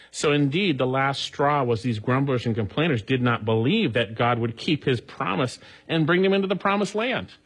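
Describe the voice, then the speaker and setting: A man's voice: medium pitch, a bit bright, low-quality recording. A male pastor preaching a sermon, earnest, with emphasis that rises and falls.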